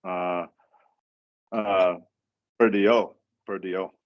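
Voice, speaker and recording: Man, language student, hesitant, lots of fillers, very slow pace, dull call audio. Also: low voice, fairly even intonation. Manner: hesitant, repeats words while practicing, many fillers. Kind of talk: online one-on-one lesson.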